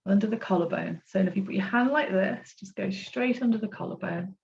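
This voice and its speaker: A woman coaching a group through tapping points on a video call, gentle and encouraging as she walks through each step. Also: mid-range voice, fairly quick, creaky, dull audio. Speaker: self-love coach leading a tapping class.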